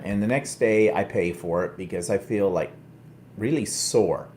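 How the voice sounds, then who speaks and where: A man's voice: on the low side, measured pace, darkish tone, slight background noise. A middle-aged man with a Canadian accent, hosting a casual, rambling live chat with a self-mocking humor. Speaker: host.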